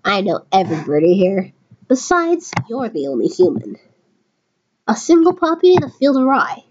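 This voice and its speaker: A woman voicing a smooth, flirtatious male pigeon upperclassman in a game, with a shaky put-on New York accent and bits of French. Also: a little high, wildly swooping pitch, normal speed, darkish tone, highs cut off, a little hiss or hum. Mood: suave.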